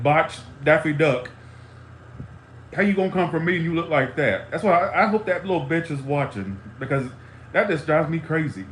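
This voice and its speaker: This man talks on the high side with a somewhat bright sound and a bit of background noise. He's ranting angrily and profanely to a live stream audience, heated and repetitive, in a roomy, echoey space with faint ambience.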